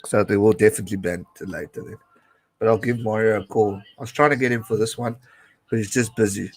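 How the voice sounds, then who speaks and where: A South African man in his late twenties hosting a casual live watch-along, chatting and cheering excitedly at the game. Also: fairly low pitch, brisk, slightly rough, low-quality recording. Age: late 20s. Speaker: live-stream host.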